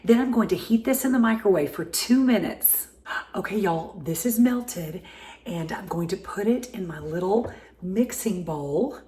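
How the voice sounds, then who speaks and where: A woman's voice: medium pitch, lively intonation, measured pace, dark tone, roomy sound. A middle-aged woman with a Southern American accent, hosting a home cooking show in a cheerful, chatty, folksy way from her kitchen.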